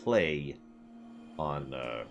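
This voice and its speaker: A man with a deep voice talks his way through a video game for his stream, rambling and sarcastic. His pitch jumps around a lot. Game music plays clearly behind him. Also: expressive, extremely slow. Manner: rambling, sarcastic, laughs and reads out game lines. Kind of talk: casual gameplay commentary chatting with viewers.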